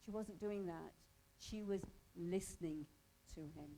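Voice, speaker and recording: A woman's voice: lowish voice, a little slow, dark tone, poor audio. A woman from Pakistan teaching a hospital volunteer workshop, talking conversationally and quizzing the group in a training room.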